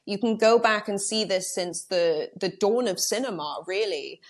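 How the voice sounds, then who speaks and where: A young woman from the United Kingdom, a journalist talking casually in an interview with lots of fillers and quick asides. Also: mid-range voice. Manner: chatty, many fillers, quick animated asides. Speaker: journalist guest.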